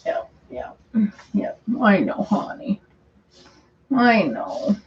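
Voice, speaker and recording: A woman dog breeder talks casually on her livestream and wanders from point to point. She fills gaps with ums and says things twice. Her voice sits in a middle pitch, and the audio is dull and lo-fi. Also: big pitch swings, slow pace, creaky. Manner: chatty and meandering, with many ums and repeats. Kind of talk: casual livestream chat answering viewer questions.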